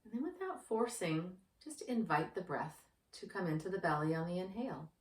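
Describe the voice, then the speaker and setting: A woman who works as a yoga therapist, guiding a breathing practice in a slow, gentle, soothing manner. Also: on the low side, lively intonation. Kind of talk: guided breathing instruction. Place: indoor room with yoga mat. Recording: roomy, distant from the mic.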